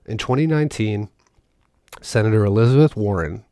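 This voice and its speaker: A man with a lowish, dark voice speaks briskly as he reads out a news article, stopping to ridicule it sarcastically. He's a political commentator, and the audio is studio-clean with no room sound.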